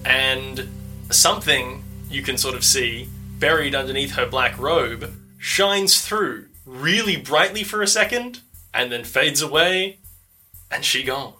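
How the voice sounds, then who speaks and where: Guy game mastering, super bright sharp voice, laid-back narration full of "like", a bit of music underneath. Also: mid-range voice, animated, measured pace, husky. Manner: casual descriptive narration, many "like" fillers.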